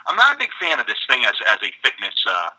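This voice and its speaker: A man's voice: mid-range voice, huge pitch swings, fast talker, bright, forceful tone, breathy edge, low-quality recording. A man in casual chat as a podcast co-host, a wry, grumbling complainer.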